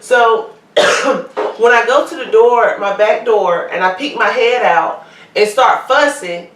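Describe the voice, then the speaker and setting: Woman guest, lively storyteller, roomy distant sound. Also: fairly high pitch, slow pace. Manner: animated, acts out quoted voices. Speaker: guest telling her story. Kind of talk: casual storytelling interview. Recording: echoey room, distant mic.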